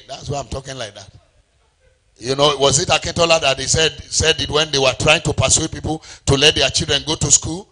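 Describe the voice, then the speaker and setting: Middle-aged Nigerian male preacher, forceful bright tone, sing-song delivery that calls on the congregation. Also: medium pitch, fairly even intonation, fairly quick. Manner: call-and-response preaching, sings phrases. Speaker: pastor. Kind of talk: sermon.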